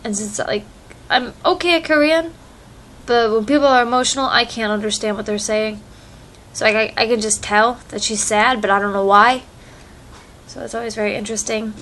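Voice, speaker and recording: A young vlogger at home with a cat speaks at a moderate pace in a high-leaning, fairly bright, steady voice. She rambles easily in a casual chat while dealing with allergies and itchy eyes. Recorded on a phone camera, the audio is low quality.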